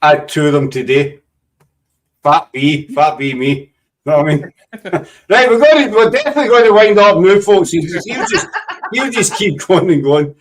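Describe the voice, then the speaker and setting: A Scottish man hosts a loose video-call chat, cracking jokes and teasing his guests. His voice sits on the higher side and sounds a little distant from the microphone. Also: expressive, normal speed. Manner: jokey, teasing, rambling. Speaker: host. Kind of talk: casual chat.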